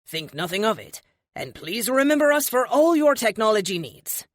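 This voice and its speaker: A woman voicing an effusive middle-aged male shopkeeper in an audiobook, generous and flattering, sprinkling in Spanish words. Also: a little high, moderate pace, no room sound, studio quality, pitched above the performer's own voice. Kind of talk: audiobook character voice.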